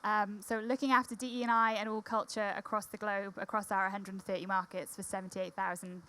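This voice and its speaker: Welsh woman, panelist, enthusiastic, fluent, middle pitch. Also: flat delivery, fairly quick, fairly bright tone. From Wales. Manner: upbeat, enthusiastic, fluent with some fillers. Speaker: panelist, diversity executive. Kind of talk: panel discussion answers.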